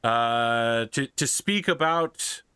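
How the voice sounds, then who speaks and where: A man's voice: mid-range voice, extremely slow, sharp tone, clear, resonant tone, no room sound. A man putting on an Irish priest. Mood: earnest. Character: humble male Irish priest begging for alms.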